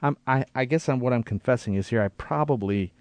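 A man's voice: medium pitch, fairly quick, a little mellow, no room sound. A man reading scripture aloud and reflecting on it in a conversational Bible study. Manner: reads scripture aloud, then reflects thoughtfully.

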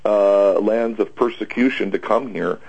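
Husky-voiced pastor, halting radio talk. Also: male voice, lowish voice, lo-fi sound. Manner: halting, many fillers and restarts. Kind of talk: conversational Bible discussion.

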